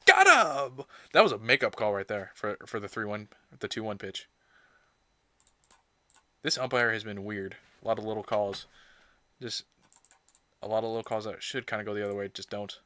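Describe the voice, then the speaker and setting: A livestream host with a lowish voice reacts excitedly to a baseball game, muttering and scolding himself as he sorts video clips. He talks at normal speed with long pauses, and there's no room sound.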